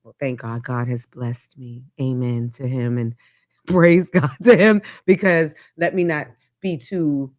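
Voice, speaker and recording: A woman hosting a talk show, telling a story in a casual, chatty monologue with animated asides and swearing. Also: rumbling low, unhurried.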